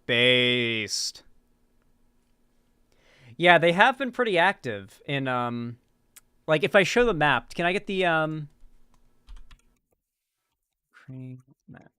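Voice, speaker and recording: A man's voice: fairly high pitch, pushed and bright, clear, resonant tone, dry recording, clean studio sound. A man from Florida doing casual livestream commentary, rambling with lots of "like" and restarts as he talks to his chat.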